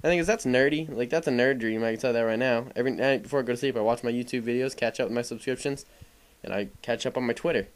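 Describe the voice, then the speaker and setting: A man's voice: medium pitch, fast. A young man giving casual, rambling voice-over commentary over gameplay, full of fillers and swearing. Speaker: gaming commentator.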